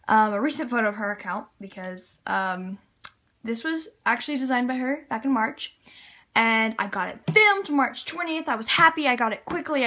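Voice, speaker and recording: A woman's voice: a little high, sharp tone. A woman hosting a craft tutorial from a table by a window at home, chatty and upbeat, with many fillers. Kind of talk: casual how-to narration.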